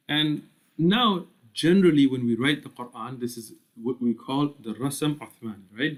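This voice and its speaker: A man's voice: mid-range voice, moderate pace. A man giving a lecture on Islamic studies, explaining step by step, often asking "right?" and using fillers. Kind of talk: lecture with slides.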